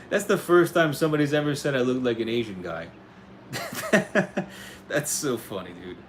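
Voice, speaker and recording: A man's voice: mid-range voice, very animated, moderate pace, slight background noise. Laid-back man hosting a livestream. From United States. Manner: laid-back, laughs often, says "bro" and "dude". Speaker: livestream host answering chat. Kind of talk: casual livestream chat.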